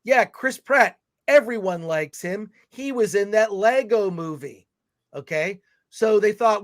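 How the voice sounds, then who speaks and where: Guy with a high voice ranting on a film livecast, reading chat comments out. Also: measured pace. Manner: animated, ranting, reads viewer comments aloud. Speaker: podcast co-host reading chat.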